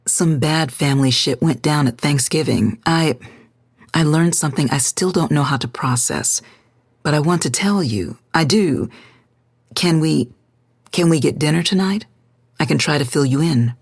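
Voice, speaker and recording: A woman's voice: low-pitched, normal speed, breathy edge, dry recording, clean studio sound. A woman voicing a sheepish young man who speaks earnestly and apologetically, in a story reading. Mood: apologetic.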